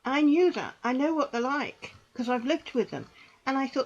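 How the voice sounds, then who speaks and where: A middle-aged woman gives earnest personal testimony to camera, halting and repeating herself. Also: high-pitched, big pitch swings, highs cut off. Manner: halting and repetitive, with restarts; earnest and emotional, with bitter dark humour. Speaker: survivor giving testimony.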